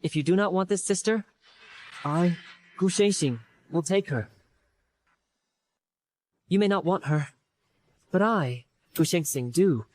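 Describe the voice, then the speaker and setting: A man voicing a fierce young general who forcefully defends his wronged sister in a dubbed period drama. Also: sits high, measured pace, long pauses. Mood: defiant. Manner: forceful, indignant. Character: fierce, protective young general and elder brother.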